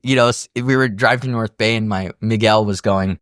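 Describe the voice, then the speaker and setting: A man hosting a podcast interview, telling animated stories and acting out other people's voices in casual chat. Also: lowish voice, fairly quick, dry recording, clean studio sound. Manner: animated storyteller who acts out voices. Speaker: podcast host.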